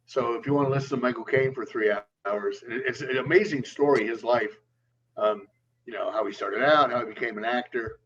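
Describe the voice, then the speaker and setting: A man's voice: medium pitch, a little fast, fairly bright tone, breathy edge. Distant lo-fi man rambling on a podcast. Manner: rambling, lots of ums and uhs. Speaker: podcast co-host. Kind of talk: casual chat. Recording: lo-fi, distant mic with faint hum.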